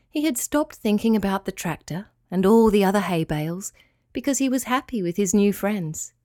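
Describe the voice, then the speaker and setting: A woman reading a children's story aloud, in a calm, clear and expressive way. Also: medium pitch, dry recording, studio quality.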